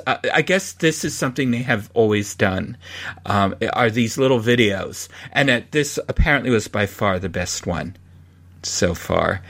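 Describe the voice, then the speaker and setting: A man's voice: lowish voice, a bit bright. A man hosting a podcast, telling a story in a rambling, casual way with frequent restarts and laughs. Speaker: podcast host.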